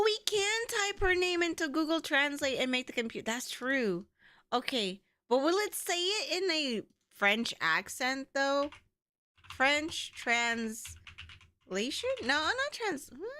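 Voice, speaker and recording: A woman's voice: high voice, big pitch swings, takes it slowly, sharp tone. A young woman chatting playfully and giggling with her viewers while streaming a game. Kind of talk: casual livestream chat.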